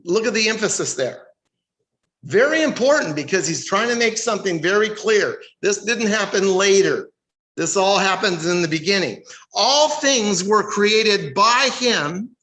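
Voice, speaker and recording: An American man teaches a Bible study like a sermon, emphatic and fond of rhetorical questions. His voice sits high for a man. It echoes around a roomy church hall. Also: lively intonation, moderate pace, a bit bright. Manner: emphatic, reads scripture aloud and asks rhetorical questions. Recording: echoey room.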